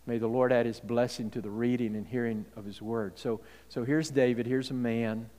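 Conversational man preaching in a reverberant hall. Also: medium pitch. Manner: conversational preaching with repeated restarts and "okay?" check-ins. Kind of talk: sermon.

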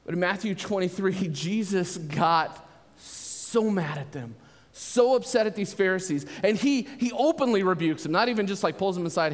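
A man preaching a sermon in a relaxed, talky, animated way, often restarting phrases. His voice sits high. The sound rings with a long hall reverb. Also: moderate pace. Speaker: pastor.

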